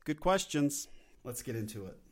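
A man's voice: medium pitch, sing-song, normal speed, soft background music. Intense earnest man hosting a podcast. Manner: intense, earnest, rambling with restarts. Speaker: podcast host. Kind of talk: casual solo podcast talk.

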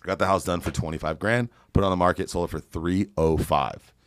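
A man's voice: sits low, steady tone, fast, no room sound, studio quality. A man guesting on a podcast as a real estate investor, telling brash, boastful stories full of swearing. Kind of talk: profane storytelling on a podcast.

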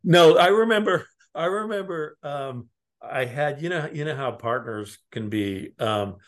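A middle-aged man from Alaska, a lawyer and interview guest, telling stories in a halting, rambling way with chuckling asides. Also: on the high side, animated. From Alaska, United States. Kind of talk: casual interview conversation.

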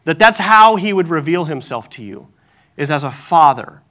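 A man preaching a sermon as pastor, telling animated stories with self-deprecating humor. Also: fairly high pitch, moderate pace.

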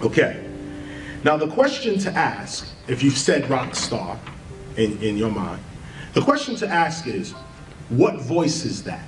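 A man hosting a podcast, leading listeners through a spiritual exercise in an earnest, animated way and laughing at his own asides. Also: medium pitch, reverberant, distant mic, poor audio. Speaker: podcast host. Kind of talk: spiritual talk with guided exercise.

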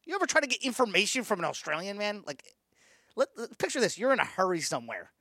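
A man's voice: high voice, fast talker, no room sound, studio quality. A man co-hosting a trivia podcast, talking casually and jumping in with strong opinions. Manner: animated, jumps in with strong opinions. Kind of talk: casual chat.

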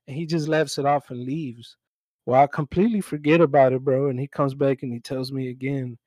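A man's voice: medium pitch, a little fast, no room sound, dull audio. Laid-back young man telling a work story. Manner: relaxed, swears freely, acts out both sides of his stories. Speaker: podcast co-host. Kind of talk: casual storytelling chat. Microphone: own mic, remote call.

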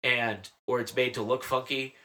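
A young man, a guest comedian, telling animated, laughing anecdotes in a casual podcast chat, holding the mic close to his mouth. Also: medium pitch, normal speed. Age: young adult. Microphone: handheld mic held close to mouth.

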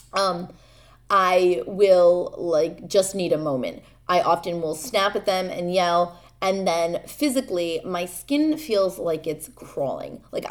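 A young woman hosting a podcast, talking candidly and haltingly about her own struggles, earnest and vulnerable, with many fillers and restarts. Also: on the low side. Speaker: podcast host. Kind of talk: personal confessional talk.

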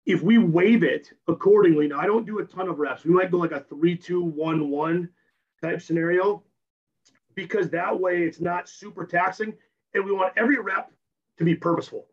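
A strength coach, a man, explaining his training program in rapid, technical detail in a podcast interview while hoarse from losing his voice. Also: high voice, muffled recording. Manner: rapid and technical, keeps tagging "right?".

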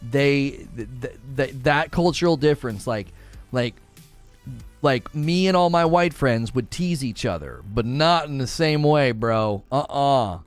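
A man's voice: mid-range voice, lively intonation, a little slow, dry recording, faint music behind. A young adult man chatting casually on a live stream, talking with animation and laughing often.

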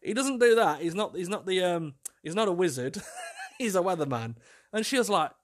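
A man's voice: high-pitched, expressive, normal speed. A man, hosting a casual solo podcast, chatty and self-mocking, laughing often as he tells stories. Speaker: podcast host.

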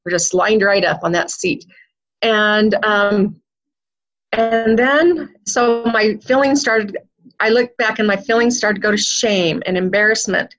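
A woman's voice: mid-range voice, fairly even intonation, measured pace, a bit bright. A middle-aged woman tells a childhood story with earnest feeling. Her voice sits in a middle register. The recording sounds dull and lo-fi. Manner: earnest, gets emotional. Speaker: guest. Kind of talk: personal storytelling.

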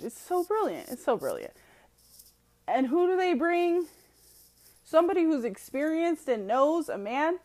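A woman delivering a casual opinion monologue in a high, bright-pitched voice. Her pitch swings widely as she punches words with emphasis and frequent swearing. She breaks into short laughs between points. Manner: profane, emphatic, laughs often. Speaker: commentator.

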